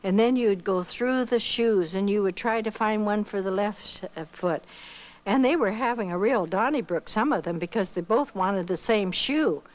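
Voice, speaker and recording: Recorded with poor audio, an older woman from Iowa, United States, shares her own life as a missionary through spoken testimony. Her mid-range voice moves at a moderate pace, and she livens up the story by voicing other people's lines.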